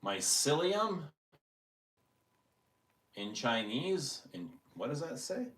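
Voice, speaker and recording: His voice is mid-range, husky and a bit bright, moving slowly with a sing-song lilt. Running a laid-back livestream reviewing fragrances, he unboxes and samples scents, musing aloud and talking to viewers by name.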